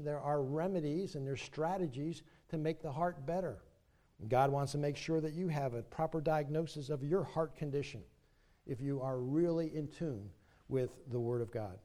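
Male pastor, mellow and slightly high voice, earnest pulpit sermon. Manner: earnest, appealing, reads scripture aloud. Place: church sanctuary.

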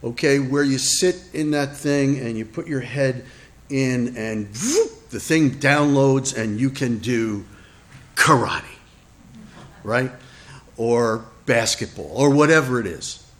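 Slow-paced, chatty male preacher. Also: medium pitch. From Italian heritage. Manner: conversational, asks the congregation questions, self-deprecating asides. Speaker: pastor. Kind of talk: sermon.

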